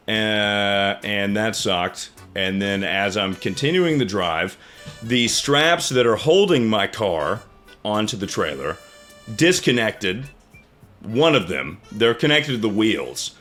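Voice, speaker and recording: Profane young man ranting animatedly. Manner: profane, animated, swings between loud outbursts and low mutters. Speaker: streamer. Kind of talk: casual storytelling rant.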